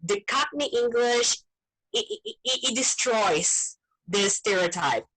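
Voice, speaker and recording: On poor-quality audio, a participant in an online group meeting speaks English casually with a fairly high voice and slow pace. She's from Brazil, Portuguese is her first language, and she's lively, repeating words as she hunts for them.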